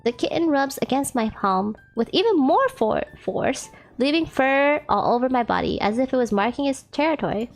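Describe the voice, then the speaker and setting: A woman streamer reads a dating visual novel aloud and jokes between the lines. Her voice is high and playful and giggly. Soft game music plays faintly behind her. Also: animated, moderate pace, hardly any pauses.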